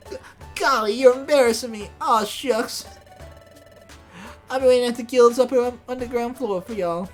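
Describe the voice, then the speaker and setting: Faint music plays behind a woman whose lowish voice moves briskly. She performs an excitable, humble young beaver Pokémon, a male character, drawling in a folksy put-on Southern accent and exclaiming "by golly."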